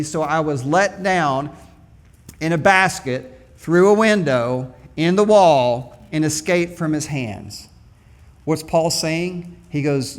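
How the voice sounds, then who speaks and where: A male pastor preaching an animated, conversational sermon with call-and-response to his church. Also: high voice. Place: church sanctuary.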